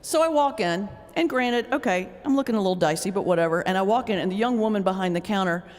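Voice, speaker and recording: A woman's voice: mid-range voice, quick pace, slight background noise. Laughing woman pastor in a reverberant hall. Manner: lively, laughs often while telling stories. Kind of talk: humorous lecture with storytelling. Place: lecture hall.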